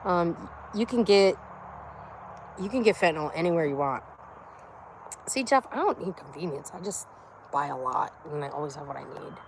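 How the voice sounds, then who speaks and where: Woman, middle-aged, American, casual vlog chat, rambling, profane, lowish voice, very lively pitch. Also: normal speed, vocal fry, pauses often, a little hiss or hum, rough recording. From United States. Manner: blunt, rambling, swears freely. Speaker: vlogger. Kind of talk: casual live-stream chat.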